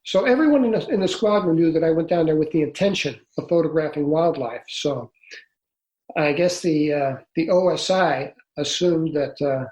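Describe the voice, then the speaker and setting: A man's voice: fairly high pitch, a little mellow. Older man recounting, in an echoey room. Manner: earnest, halting, with many restarts. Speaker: guest, author. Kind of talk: storytelling in an interview.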